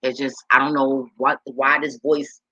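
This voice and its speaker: A woman's voice: very deep voice, flat delivery, unhurried, pushed and bright, breathy edge, dry recording, muffled recording. A woman vlogger talking loosely and profanely to her viewers, rambling with many restarts and addressing them as y'all. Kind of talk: casual rambling monologue to viewers.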